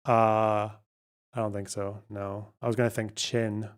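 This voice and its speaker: Slow, muttering male streamer. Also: on the low side, level tone. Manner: slow, muttering, trails off and swears casually. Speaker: livestream host. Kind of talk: casual livestream, thinking aloud over a word puzzle.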